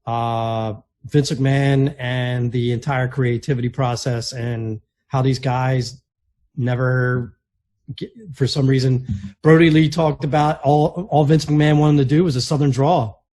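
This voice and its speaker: A man's voice: mid-range voice, flat delivery, unhurried, mellow. A man co-hosting a podcast, rambling through casual wrestling chat with plenty of "like" fillers. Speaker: podcast co-host.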